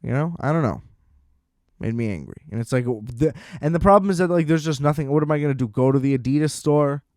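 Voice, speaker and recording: A man's voice: mid-range voice, quick pace, darkish tone, no echo, studio quality. A man hosting a podcast alone, ranting in an exasperated, profane way and acting out sarcastic back-and-forths. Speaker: podcast host. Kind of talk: solo ranting monologue.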